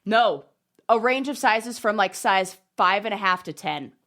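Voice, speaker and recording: A woman co-hosting a casual podcast from her basement studio, excitable and quick to laugh, talking in fast bursts with many restarts. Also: mid-range voice. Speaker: podcast co-host.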